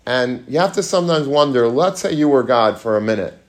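Man, rabbi, informal lecture, conversational, questions to audience, mid pitch. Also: expressive, a little fast. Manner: conversational, asks the audience questions, mixes Hebrew and Yiddish terms. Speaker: rabbi giving a talk to students. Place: room with a live audience.

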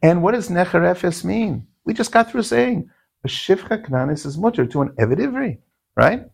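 In a high, gravelly voice, a man gives a lively Talmudic lecture whose pitch rises and falls. He keeps posing questions to his listeners and answering them in a sing-song rhythm.

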